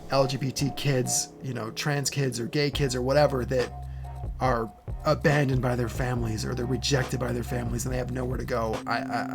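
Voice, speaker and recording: Male streamer, mid-pitched gravelly voice, halting and earnest, faint music under the chat. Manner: halting, restarts often, emotional and earnest. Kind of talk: casual live-stream chat.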